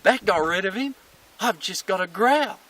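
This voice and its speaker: A man's voice: high voice, expressive, normal speed, fairly bright tone, pitched above the performer's own voice. A man voicing a smug, territorial male pet dog with a gloating, self-satisfied manner, recorded on a distant mic.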